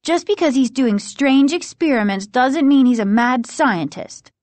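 Woman doing a snappy defensive preteen girl, slow careful reading, dry sound. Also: fairly high pitch, no room sound, voice pushed up. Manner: sharp, defensive.

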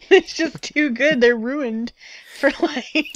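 A woman's voice: high-pitched, very slow, a bit bright, slight background noise. A woman chatting casually while playing a video game, giggling often. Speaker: game streamer. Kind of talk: casual gaming chat.

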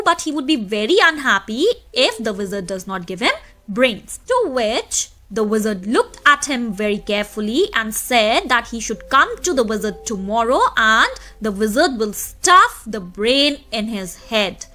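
A woman's voice: a little high, sing-song, a little slow, bright, forceful tone. A woman teacher patiently explaining a story, its words and meanings to her students. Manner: patient explaining, addressing kids.

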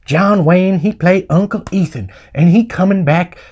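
A man's voice: high voice, measured pace, darkish tone. Man, movie reviewer, casual, slangy, jokey, rambling.

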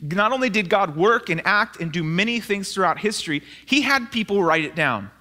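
A male pastor giving a conversational sermon in a church, animated and telling personal stories with asides. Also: high voice, moderate pace. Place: church sanctuary, live sermon.

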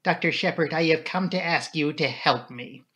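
A man's voice: on the high side, moderate pace, pushed and bright. A man voicing a young woman who is earnest, resolute and defiant, in an audiobook reading. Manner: pleading, insistent.

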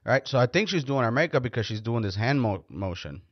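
A man's voice: mid-range voice, animated, a little fast, dry recording. A man hosting a podcast, telling stories in a loose, profane, rambling way. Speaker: podcast host. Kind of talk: casual storytelling podcast chat. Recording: dull lo-fi recording.

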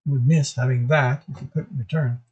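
A man's voice: mid-range voice, steady tone, moderate pace, a little mellow, husky, muffled recording. A man reading a chapter of his own novel aloud, casual, with occasional stumbles.

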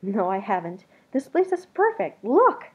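A woman voicing an eager, cheerful small creature for a storybook, in a high, excited voice. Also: normal speed. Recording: dull muffled recording.

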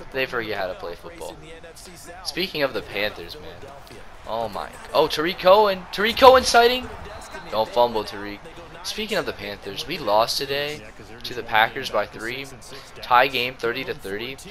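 A young man with a sore throat giving slangy, excitable commentary over his own old football video game match. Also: fairly low pitch. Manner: excitable, slangy, jumps between play-by-play and rants. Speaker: gaming YouTuber. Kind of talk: gameplay commentary.

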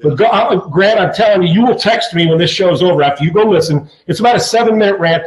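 His voice sits high and he talks fast with hardly any pauses: a former footballer in his fifties, casually storytelling with nonstop swearing, animated stammering and restarts, in a room with noticeable echo.

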